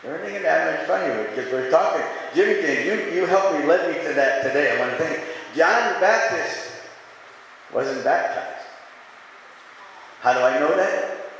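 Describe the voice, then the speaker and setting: A male pastor preaching to his congregation. His voice sits a touch high and swings from loud, fervent calls down to hushed, low musing. It rings out with a long echo around a large hall, over faint room noise. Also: expressive, normal speed, vocal fry, pauses often. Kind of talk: sermon.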